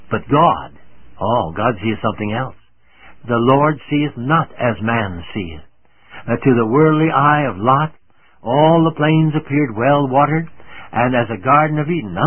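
Older male radio preacher, husky tinny sound. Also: medium pitch. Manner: earnest and emphatic, reads scripture slowly. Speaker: radio Bible teacher. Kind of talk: radio sermon. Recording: narrow tinny old radio broadcast.

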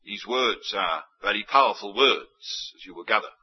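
A man preaching a sermon, emphatic, with big swings in pitch and loudness. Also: lively intonation, moderate pace, slightly rough. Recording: dull lo-fi sermon recording.

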